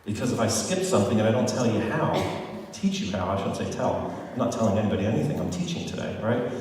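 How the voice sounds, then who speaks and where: Lively man trainer in an echoey hall. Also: lowish voice, quick pace. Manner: chatty, animated storyteller who jokes with the crowd. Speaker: regional sales trainer. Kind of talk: motivational training talk. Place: large hall with live audience. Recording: echoey hall, far from mic.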